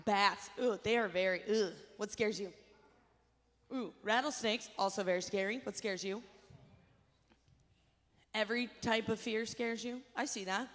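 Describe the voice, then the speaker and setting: A woman's voice: mid-range voice, measured pace, long pauses, a bit bright. A woman leading a children's chapel talk, calling on kids by name and coaxing them to repeat lines back to her. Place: school chapel or church hall. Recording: hall reverb.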